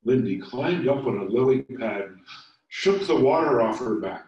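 A man reading a children's story aloud in a gentle, expressive way. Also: mid-range voice, moderate pace, far from the mic, lo-fi sound. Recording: echoey room, voice set back from mic.

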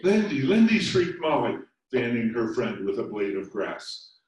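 A man voicing a cheerful young female ladybug friend with a squeaky, chirpy voice. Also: expressive, measured pace, very echoey, distant mic. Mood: alarmed.

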